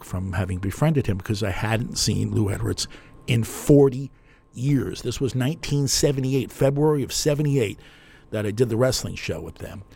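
Speaking in a fairly low, gravelly voice with a dark tone and a breathy edge, an older New Jersey radio host rambles through a long, wandering story. His delivery is chatty and full of self-mockery.

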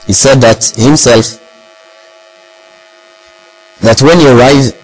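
A man for whom English is a tells a story in a loose, rambling way, full of fillers and phrases. His voice sits in a middle pitch. A steady mains hum runs under the recording. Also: takes it slowly, low-quality recording. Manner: rambling, heavy use of fillers and Arabic phrases. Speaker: speaker recounting experiences. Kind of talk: casual talk in English.

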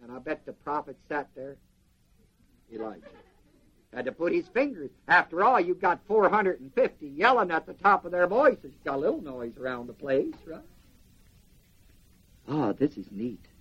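A man preaching a sermon in an animated way, quizzing the congregation with questions. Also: a little high, normal speed, long pauses, husky. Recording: dull lo-fi sermon recording.

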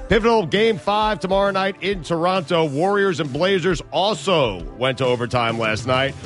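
A man reading a brisk sports news update as a radio co-host. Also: on the high side, faint music behind.

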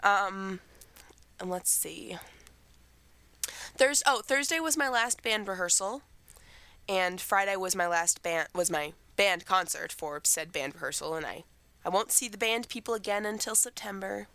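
Getting over a cold, a teen girl chats aimlessly about her week as a podcast co-host. She speaks in a mid-range voice at a measured pace, sounding bright and forceful.

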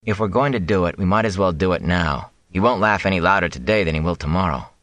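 A man's voice: low voice, fast, a bit bright, dry recording. A man reading an audiobook, voicing an earnest, worried young farm son with a tense manner. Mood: resolved. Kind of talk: audiobook character voice.

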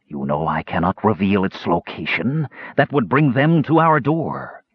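A man puts on an eerie disembodied voice from a cursed ring that hisses and thunders with slow, commanding menace. The sound is husky and dry, with a dull lo-fi tone, and its pitch swoops widely from phrase to phrase. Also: sing-song, no echo, full character voice. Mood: ominous.

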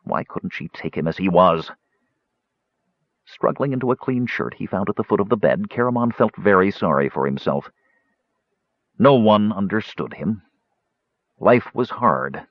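A man narrating a fantasy audiobook in a varied, expressive storytelling manner. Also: on the low side, unhurried, pauses often, dry recording. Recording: dull dry studio recording.

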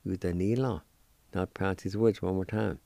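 A deep, gravelly yet mellow voice with fairly even intonation and no echo belongs to a radio language teacher. He slowly spells out words letter by letter, repeats them, and patiently encourages his audience.

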